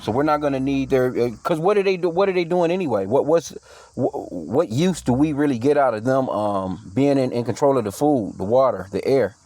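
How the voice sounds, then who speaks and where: A man's voice: mid-range voice, fairly quick, mellow. Casual man teaching scripture. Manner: reads verses aloud then riffs loosely in slangy speech; profane, with frequent fillers and restarts. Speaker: bible teacher.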